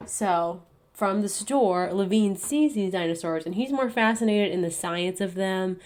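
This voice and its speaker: A woman's voice: medium pitch, lively intonation, unhurried, darkish tone. A young woman co-hosting a podcast, recapping a novel in a casual, chatty way full of "like" and "um", and acting out the characters' lines. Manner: chatty, many fillers, acts out characters' lines. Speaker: podcast co-host. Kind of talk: casual book recap chat. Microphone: podcast mic over online call.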